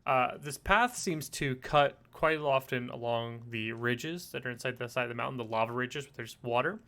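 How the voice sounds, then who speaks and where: A man running a tabletop game as game master, narrating the scene in a relaxed way with frequent fillers. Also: medium pitch, moderate pace.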